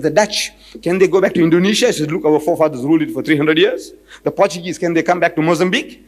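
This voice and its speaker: A man giving a storytelling lecture, acting out both sides of a debate and quoting scripture in a measured cadence. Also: high-pitched. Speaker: Islamic lecturer.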